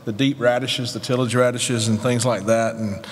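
A man speaking as a guest farmer on a conference panel, explaining things in a plainspoken, brisk way. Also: mid-range voice, fairly even intonation. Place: conference session hall. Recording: long hall reverb.

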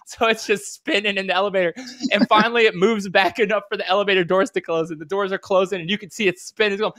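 A man's voice: high-pitched, fast, no echo, studio quality. A man co-hosting a casual podcast, telling stories animatedly, swearing often and acting out voices. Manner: animated storytelling, swears a lot, acts out voices. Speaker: podcast co-host. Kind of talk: casual chat.

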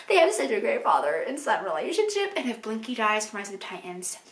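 A woman vlogger talking casually from a room at home, excitable and rambling with lots of fillers. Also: a little high, moderate pace. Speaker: book and TV vlogger. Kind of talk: casual ranking vlog. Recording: echoey room.

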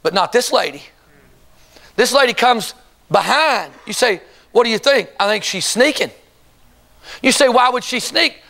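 A man with a very high voice delivers a sermon from the pulpit. He keeps firing rhetorical questions at the congregation and urging them to answer aloud. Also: animated, unhurried, long pauses, sharp tone. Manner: asks the congregation rhetorical questions and calls for responses. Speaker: preacher. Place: church sanctuary before a congregation.

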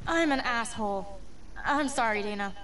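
A woman's voice: fairly high pitch, moderate pace, a bit bright, close to an everyday voice. An actress playing a brusque young female student in a video game, heard as distant game audio with faint noise. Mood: apologetic.

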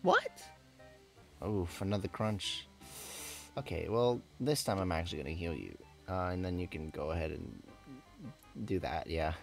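Gravelly-voiced man narrating his gameplay. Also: low voice, animated, normal speed, soft background music. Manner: rambling, self-correcting, laughs a lot. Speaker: let's play gamer. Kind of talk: casual gameplay commentary.

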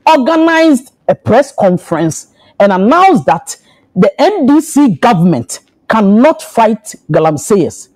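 Impassioned Ghanaian woman, high lively voice. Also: a little slow, rough recording. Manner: impassioned, argumentative, emphatic. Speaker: party executive on a political panel. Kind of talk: heated TV panel debate. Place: TV studio.

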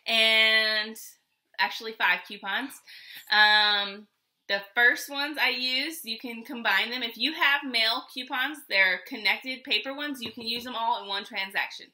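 Middle-aged woman vlog host, casual and rambling, laughs easily; high-ish, very bright voice. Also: fairly even intonation, a little slow. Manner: chatty and rambling, laughs often. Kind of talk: casual haul chat.

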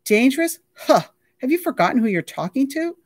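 A reader voicing a vain, blustering male TV wildlife star with a shrill, petulant voice. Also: measured pace, dry recording, studio quality. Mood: indignant.

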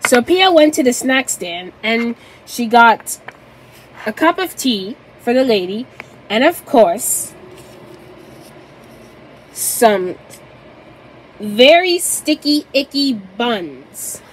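A woman narrating a children's story aloud in a halting way. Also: on the high side, big pitch swings, slight background noise, low-quality recording. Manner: halting, with restarts.

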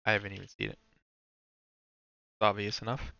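A man's voice: lowish voice, monotone, unhurried, gravelly, bright, forceful tone, no room sound, lo-fi sound. A man talking to himself as he ranks movies, rambling and swearing in casual commentary. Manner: rambling, swearing, self-talk. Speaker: movie ranking streamer. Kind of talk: casual thinking-aloud commentary.

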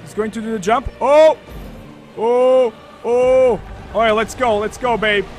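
Very high-voiced man streaming a game. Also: quick pace, faint music behind. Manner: thinks aloud with many fillers, bursts into loud excited shouts. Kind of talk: live gameplay commentary.

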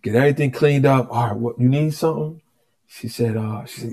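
A man, a guest musician, telling a story in a relaxed conversational way, restarting sentences and acting out dialogue. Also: medium pitch, a little fast. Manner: animated, restarts often, acts out dialogue.

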